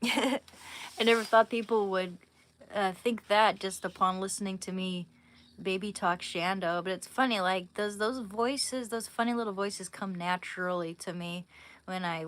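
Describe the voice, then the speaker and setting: A young woman chatting casually on a livestream at home, giggling and trailing off into soft whispers as she talks to viewers. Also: fairly low pitch. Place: home room, indoors.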